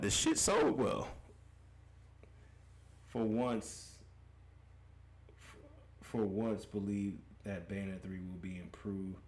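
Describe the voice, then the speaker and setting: A young man hosting a casual gaming livestream, reading chat comments aloud, loose and profane, laughing often and repeating himself. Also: on the low side.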